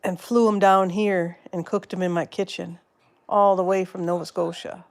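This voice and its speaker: A woman's voice: lowish voice, fairly even intonation, moderate pace. A woman from Wisconsin with a Wisconsin accent, chatting casually on a livestream and answering viewers' comments by name. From Wisconsin, USA. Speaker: livestream host. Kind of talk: casual live-stream chat.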